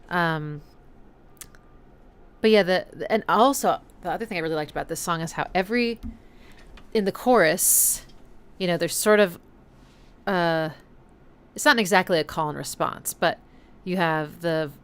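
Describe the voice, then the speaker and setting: A woman's voice: on the low side, clear, resonant tone. A woman hosting a music listening stream, analyzing songs in a rambling, casual way, full of fillers and self-corrections, and humming rhythms to make her point. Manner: hums and scats rhythms to illustrate.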